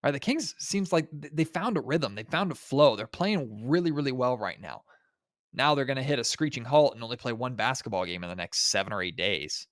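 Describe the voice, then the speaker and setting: A man's voice: medium pitch, expressive, a little fast, fairly bright tone, no echo, studio quality. Congested man hosting a sports podcast. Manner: conversational, thinks aloud with restarts and rhetorical questions. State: congested, nasal from a cold. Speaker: podcast host. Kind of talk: solo sports podcast commentary.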